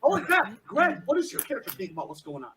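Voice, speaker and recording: A man's voice: extremely high pitch, wildly swooping pitch, a crowd in the background. A man running a tabletop game as game master, restarting his sentences often. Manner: restarts often, rapid asides.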